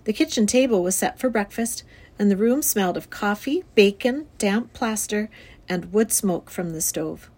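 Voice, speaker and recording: A woman teacher reading a children's novel aloud to her class in a clear, expressive storytelling voice. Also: medium pitch, normal speed. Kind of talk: read-aloud children's book.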